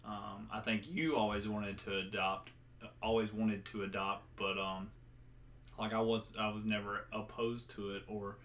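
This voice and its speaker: Laid-back young man, low voice. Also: a bit bright. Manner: laid-back, hesitant, many ums. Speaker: podcast guest, host's husband. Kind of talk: casual conversation.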